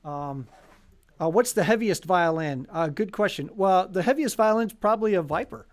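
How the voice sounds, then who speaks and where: A man's voice: high voice, moderate pace. A man hosting a casual live stream for a violin shop, chatty and joking, with lots of fillers.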